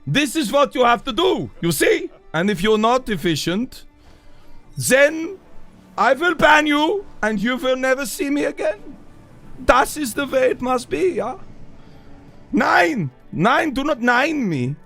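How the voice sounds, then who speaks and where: A man's voice: very high-pitched, sing-song, slow pace, vocal fry, fairly bright tone, soft background music, voice pushed up, exaggerated voice. A man voicing a furious German man with a mock German accent who scolds a crowd in a barking, lecturing way. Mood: angry scolding.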